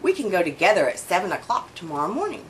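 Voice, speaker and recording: A woman's voice: fairly low pitch, sing-song, fast, a little hiss or hum, rough recording. A woman voicing a hungry, scheming male wolf in a children's storybook reading, pleading and blustering by turns. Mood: sly.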